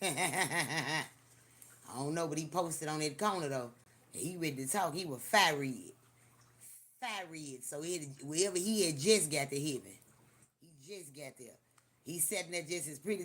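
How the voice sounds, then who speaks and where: Older person, live-stream host, animated, profane, casual storytelling. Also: mid-range voice, unhurried, long pauses. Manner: animated, profane, talks straight to viewers. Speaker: livestream host.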